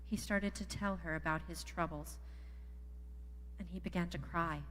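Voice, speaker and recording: A woman reading a gentle story aloud in a church service, softly repeating a calm refrain. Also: lowish voice, normal speed, a little hiss or hum. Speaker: story reader in worship service. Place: church sanctuary. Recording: echoey sanctuary with long reverb.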